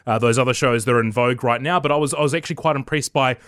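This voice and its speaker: A New man talking quickly and easily as a guest on a radio show. The studio sound is dry and close, with no room echo. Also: mid-range voice, a bit bright, clean tone. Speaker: rugby editor and commentator. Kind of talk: radio interview.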